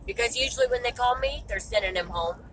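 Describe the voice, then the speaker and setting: A frustrated woman vents straight to camera, cursing without a filter. Her voice sits a little high. Steady traffic and outdoor noise carry clearly behind her, as if she is recording in or beside a car. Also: fast. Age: 30s. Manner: blunt, swears freely, exasperated. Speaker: vlogger and mother. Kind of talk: venting to camera.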